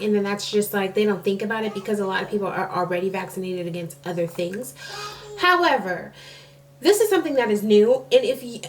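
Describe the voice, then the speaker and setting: A woman's voice: mid-range voice, brisk. A young woman, a nursing student and mom, telling a rambling story to camera, full of "like" and restarts. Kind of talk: casual storytime chat to camera. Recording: voice a bit far from the mic.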